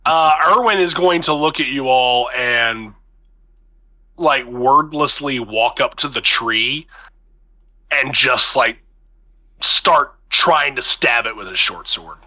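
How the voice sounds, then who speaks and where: A man with a very bright, ringing voice runs a tabletop game as its game master. He narrates scenes in a laid-back, laughing way. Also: medium pitch, slow pace, low-quality recording.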